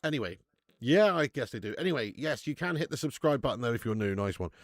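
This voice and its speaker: Male stream host, mid-pitched, jokey and bantering, responding to chat, recorded close on a dry mic. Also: animated, fast, dry recording. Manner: jokey, banter-filled, reads out chat comments. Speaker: host of a football watch-along stream. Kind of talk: casual live watch-along chat.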